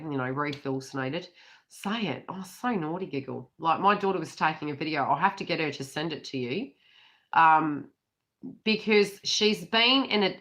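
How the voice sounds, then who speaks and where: A woman's voice: on the low side, fairly bright tone. A middle-aged Australian woman giving a casual tarot reading, chatty and giggly and swearing freely, with birds calling behind her. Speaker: psychic tarot reader.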